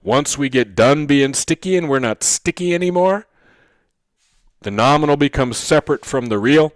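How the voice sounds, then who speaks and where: An economics teacher delivers a recorded lecture in a mid-pitched voice with lively intonation, often checking in with "okay?" and "right?" and slowly going back over key points. The audio is dry and close-miked, with no room sound.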